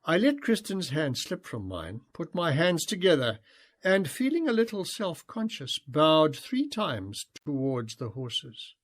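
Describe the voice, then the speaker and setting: A man narrating his own memoir as an audiobook, in a heartfelt, expressive way. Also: fairly high pitch, measured pace.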